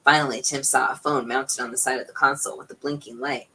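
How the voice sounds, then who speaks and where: Casting: low, husky woman reader, unhurried novel narration. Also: steady tone, sharp tone, low-quality recording. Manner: unhurried, voices characters with pitch lifts. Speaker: audiobook reader. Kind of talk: reading a novel aloud.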